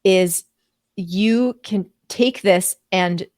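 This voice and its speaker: A woman host of an interview show who reacts effusively and warmly to what her guest says, in a casual chat. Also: mid-range voice, extremely slow, dry recording, clean studio sound.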